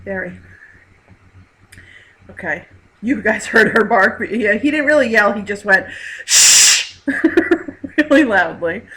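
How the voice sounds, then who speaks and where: Casting note: woman host, bright clear voice, chatty and laughing, live stream chat. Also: medium pitch, a little slow, long pauses, low-quality recording. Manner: chatty, laughs often, reads chat aloud.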